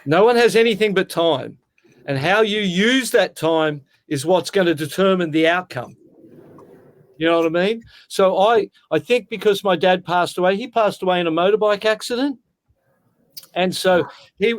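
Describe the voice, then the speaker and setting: This Australian man in his sixties, a guest in a relaxed interview, shares stories sincerely and from the heart, frequently addressing the listener as "mate." He speaks at a normal speed in a slightly high voice.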